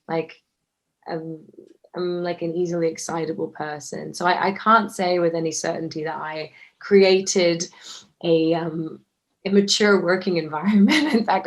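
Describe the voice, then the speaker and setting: A woman, an actor answering questions casually, chatty with lots of fillers and restarts. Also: low voice. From Australia. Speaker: actor, interview guest.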